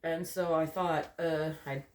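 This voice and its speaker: A young man with a fairly high, level voice speaks a little slowly in a casual personal vlog shot in a corner of his bedroom. He rambles candidly, saying "like" and "you know" a lot, while the bedroom lends a roomy echo.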